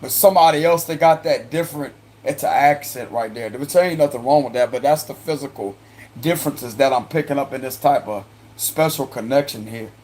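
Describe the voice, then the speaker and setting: A man's voice: medium pitch, fairly quick, darkish tone. A man with a Cajun accent giving a casual, rambling tarot reading to viewers, repeating himself and chuckling in asides. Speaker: tarot reader.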